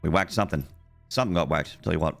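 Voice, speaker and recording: Man in his forties, low voice, casual streamer chat, crude humor, sudden shouts, faint music underneath. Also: fast talker, gravelly. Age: 40s. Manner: joking, crude, excitable outbursts. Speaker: game streamer. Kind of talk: casual gameplay chat with chat room.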